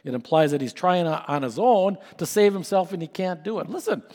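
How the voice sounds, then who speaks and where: High-voiced man preaching in an echoing hall. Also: expressive, fairly quick. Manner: emphatic, dropping to hushed tones. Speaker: pastor. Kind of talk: sermon.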